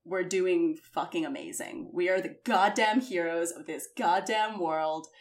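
A woman's voice: fairly low pitch, unhurried. Swearing, laughing woman podcast host. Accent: American. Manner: swears freely, laughs often. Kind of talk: casual podcast chat.

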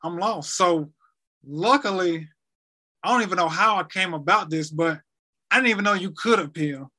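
A man's voice: high-pitched, normal speed, sharp tone. A young man casually telling a personal story, rambling and repeating himself as he acts out conversations.

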